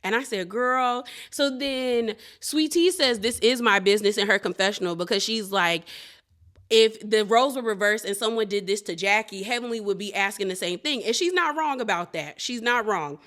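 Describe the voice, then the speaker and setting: A woman's voice: mid-range voice, normal speed. A woman hosting a casual reality TV recap, talking animatedly and acting out what the cast members said. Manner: animated, laughing, quotes cast members in playful voices.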